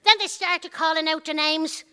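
Bright high-voiced Irish woman reciting comedy. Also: moderate pace. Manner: lively storytelling, punchy rhymes. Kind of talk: comic rhyming monologue.

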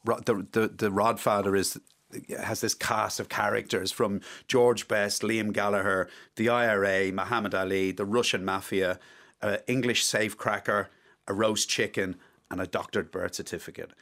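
Lively man with a low voice. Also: moderate pace. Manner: animated, enthusiastic storyteller. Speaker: guest, co-author. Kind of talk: casual anecdote telling.

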